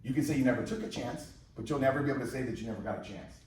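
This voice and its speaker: A man in his fifties giving an energetic, repetitive motivational sales presentation to a live audience in a large room, rallying the crowd. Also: mid-range voice, racing, a little hiss or hum. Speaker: company presenter. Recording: very echoey hall, mic far off.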